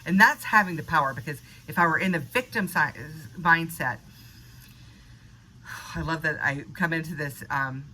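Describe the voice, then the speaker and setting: A woman's voice: deep voice, normal speed, pushed and bright, rough recording. A woman in an unscripted motivational monologue, talking earnestly and conversationally, sometimes laughing at herself. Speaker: spiritual vlogger.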